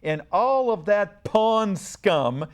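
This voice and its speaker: A man's voice: high voice, expressive, very slow, clear, resonant tone. A man hosting a school science quiz show on TV, upbeat and coaxing as he reads questions and encourages the students.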